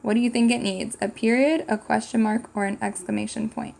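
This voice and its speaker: A woman's voice: on the high side, flat delivery, a little fast, gravelly, a little mellow, slight background noise. A woman teaching a writing lesson to young children, patiently thinking aloud and sounding out words. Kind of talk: slow, clear classroom lesson for young children.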